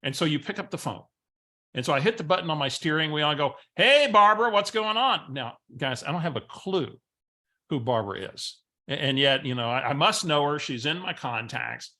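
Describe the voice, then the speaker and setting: A man's voice: fairly high pitch, a little fast, bright, forceful tone. A man presenting a coaching webinar as host, telling stories energetically with frequent filler sounds. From San Antonio area, Texas.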